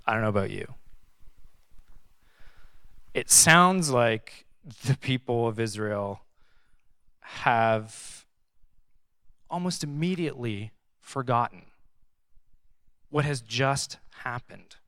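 A young man giving a casual, conversational sermon, reading scripture and adding animated, sarcastic asides. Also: medium pitch, slow pace, pauses often, clear, resonant tone, no echo. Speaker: pastor.

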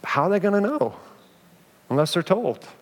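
A man preaching a sermon as pastor, telling stories with animated energy and acting out the voices of the people in them. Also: sits high, normal speed. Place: church sanctuary. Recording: reverberant church sanctuary.

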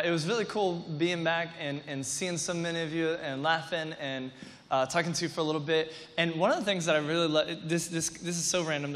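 A male pastor with a high voice, preaching to a congregation in a large church hall. He talks energetically and rambles, with quick restarts and playful asides. His voice carries a long hall reverb. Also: fairly bright tone. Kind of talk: sermon.

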